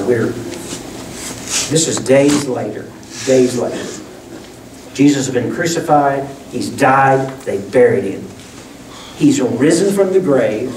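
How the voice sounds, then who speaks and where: A man's voice: mid-range voice, darkish tone, a little hiss or hum. A man preaching a sermon as pastor, talking in a folksy, conversational way with frequent restarts. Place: church sanctuary. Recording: echoey room, distant mic.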